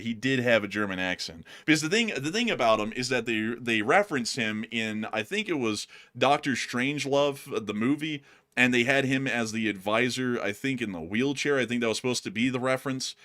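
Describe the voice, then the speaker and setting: A man's voice: mid-range voice, animated, a little fast, pushed and bright. A man hosting a live commentary stream in a mid-range voice. He rambles, restarts his sentences and fills gaps with fillers, while he reacts to the news and thanks supporters. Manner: rambling, repeats words, many fillers. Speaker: host.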